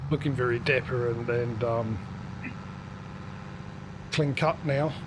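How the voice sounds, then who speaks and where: A man's voice: mid-range voice, fairly even intonation, takes it slowly, background noise. A man hosting a casual gaming livestream, rambling chattily with sarcastic asides. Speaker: livestream gamer host.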